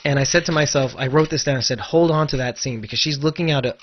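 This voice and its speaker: Casual podcast host, male, mid pitch, rambling and animated, slightly dull lo-fi sound. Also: fast talker, slight background noise. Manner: rambling, animated, lots of "like" and restarts. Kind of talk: casual chat about a TV episode.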